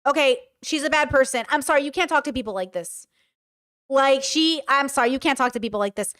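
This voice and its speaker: A woman's voice: sits high, a little fast, a bit bright, no room sound, clean studio sound. A woman doing casual reaction commentary, reading text messages aloud and reacting bluntly. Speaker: commentary streamer.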